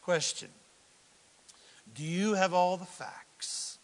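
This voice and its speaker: A man preaching a sermon as pastor, animated, dropping to hushed mock voices for quotes. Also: sits high, unhurried. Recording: long hall reverb.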